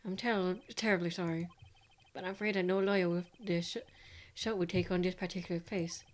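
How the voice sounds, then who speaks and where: A woman voicing a pompous, evasive old male lawyer from a video game, stuffy and formal, clearing her throat. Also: fairly low pitch, steady tone, fairly quick, slight background noise, lightly acted. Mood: dismissive. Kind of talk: reading game dialogue aloud.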